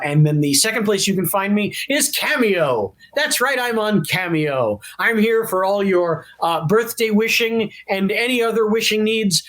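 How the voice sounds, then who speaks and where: A man with a high voice tells a story on a podcast as a guest. He is animated and talkative. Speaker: actor guest. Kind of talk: podcast interview anecdote.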